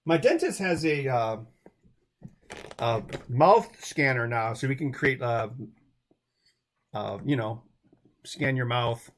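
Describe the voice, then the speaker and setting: A man's voice: mid-range voice, animated, takes it slowly, pauses often, a little hiss or hum. A man hosting a livestream in casual chat, rambling with frequent restarts and chuckles, speaking into a desk mic. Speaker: livestream host.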